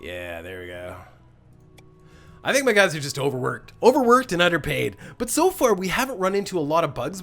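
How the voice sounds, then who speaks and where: A man's voice: on the high side, fairly bright tone. A man hosting a let's-play, thinking aloud in a rambling, self-correcting way while he plays. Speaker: gameplay channel host.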